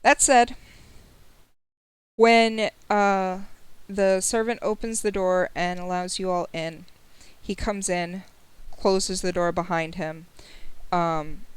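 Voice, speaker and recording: A woman narrating a tabletop game as game master, describing scenes slowly with many pauses. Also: fairly low pitch, clear, resonant tone, dry recording. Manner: slow, descriptive, with fillers.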